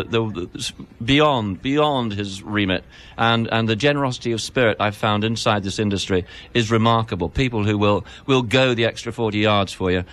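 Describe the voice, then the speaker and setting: A man's voice: medium pitch, a bit bright. A middle-aged British man, guest on a radio talk show, telling stories with many restarts. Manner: rambling, full of restarts and acted-out anecdotes. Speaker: guest, stage show creator. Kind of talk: casual radio interview chat.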